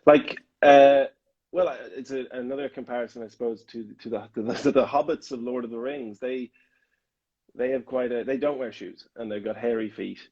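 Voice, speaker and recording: A man's voice: mid-range voice, steady tone, moderate pace, a little mellow, slightly rough, highs cut off. A man hosting a casual interview chat, rambling and playful with many restarts. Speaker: podcast host. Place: Amsterdam.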